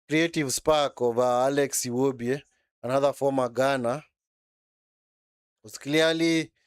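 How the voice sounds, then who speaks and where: A man's voice: fairly high pitch, smooth, dry recording, clean studio sound. Chatty man calling a match live. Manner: chatty, frequent tag words like man and eh. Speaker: watchalong commentator. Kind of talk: casual live match commentary.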